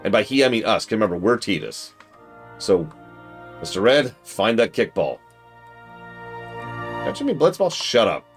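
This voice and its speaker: A man streaming a game, rambling casually with self-corrections and excitable asides. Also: lowish voice, normal speed. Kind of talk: casual gaming stream commentary. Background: game music.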